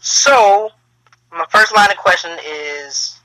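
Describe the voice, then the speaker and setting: High-voiced joking male co-host. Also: slow pace, sharp tone, low-quality recording. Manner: blunt, joking, stumbles over words. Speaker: podcast co-host. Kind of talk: casual interview chat.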